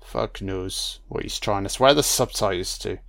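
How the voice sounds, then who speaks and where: A man's voice: fairly low pitch, unhurried, gravelly, a bit bright, no room sound. A man giving a casual, profane running commentary on a film, joking and rambling with "you know?" asides. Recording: audio-only commentary.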